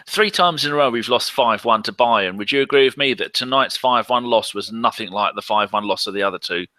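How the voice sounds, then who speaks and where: A man's voice: mid-range voice, a little fast, bright, forceful tone, no room sound. A man on a football podcast panel, chatting casually with a wry, jokey manner. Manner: wry, jokey, describing clips.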